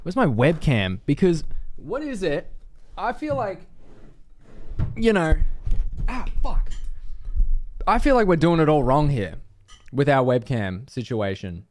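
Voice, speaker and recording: A man chatting to his viewers during a live game stream, animated and swearing freely. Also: on the high side, takes it slowly, long pauses, slight background noise. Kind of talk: live gameplay stream chat.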